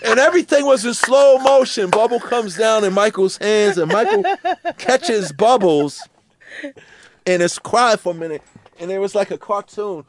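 Animated New man telling a story. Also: high voice, measured pace. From New York. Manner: animated, profane, acts out voices in the story. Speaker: guest. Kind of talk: casual storytelling chat.

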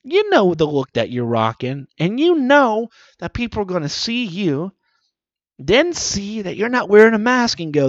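A man's voice: high voice, very animated, normal speed, dry recording. A man delivering a profane comedic rant with mocking asides, swearing often. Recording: dull lo-fi dry recording.

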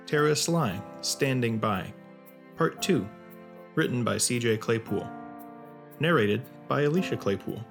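A man as the host, reading a scripted introduction to a story show in a friendly announcer manner. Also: mid-range voice. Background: soft guitar music.

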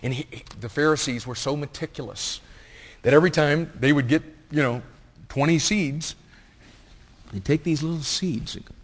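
A man preaching a sermon as pastor, swinging from hushed asides to loud, impassioned reading. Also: on the high side, normal speed. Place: church sanctuary. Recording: long reverb of a large hall.

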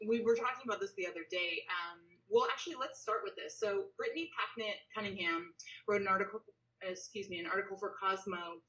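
A woman hosting a casual podcast interview over a remote call, chatty and animated with lots of fillers. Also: medium pitch, brisk, distant mic, low-quality recording. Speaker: podcast host.

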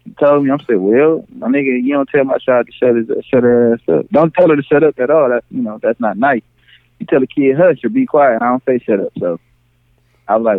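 A man's voice: medium pitch, fairly quick, no echo. A man in casual chat about his kids, rambling and restarting his sentences. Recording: dry tinny phone-like sound.

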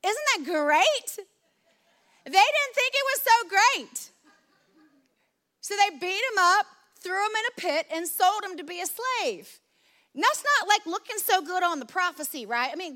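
A woman preacher with a high voice tells stories in a lively, chatty way. Her tone is bright and clear, and her sermon sounds conversational rather than stiff. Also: measured pace.

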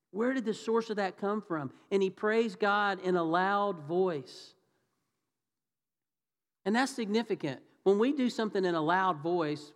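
A man preaching a conversational sermon in church, asking the congregation questions and acting out the voices of the people in his story. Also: high voice. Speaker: pastor. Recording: reverberant church hall.

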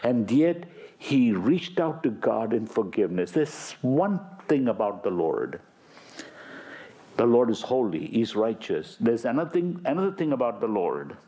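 A man's voice: mid-range voice, very animated, a little slow, dark tone. A man pastor preaching a sermon, reading psalms aloud with rising, fervent emphasis.

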